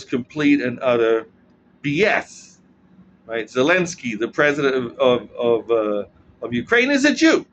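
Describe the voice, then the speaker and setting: A man's voice: a little high, a bit bright, slight background noise. A man giving a casual explanatory monologue as a political commentator. He talks in a blunt, sardonic way and keeps checking in with "right?". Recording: muffled lo-fi recording.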